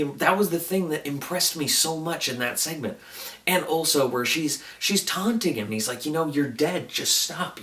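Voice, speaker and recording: A man retells a TV episode in a loose, excitable ramble, leaning on "like" as he goes. He sits some distance from the microphone, so his voice picks up a roomy echo. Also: fairly high pitch. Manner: chatty, excitable retelling with frequent "like" and acted-out quotes. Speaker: TV episode reviewer. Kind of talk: casual video review.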